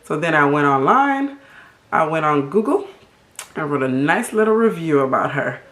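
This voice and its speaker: A middle-aged woman from Haiti, telling a storytime vlog story in an animated, emphatic and indignant way. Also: sits low, moderate pace. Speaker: vlogger. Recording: roomy echo.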